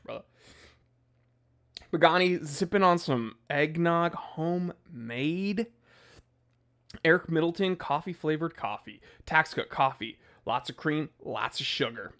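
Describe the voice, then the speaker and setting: A man's voice: fairly high pitch, fairly bright tone. A young man hosting a casual livestream from his home office, joking and ranting as he reads names from the chat. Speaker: watch channel host.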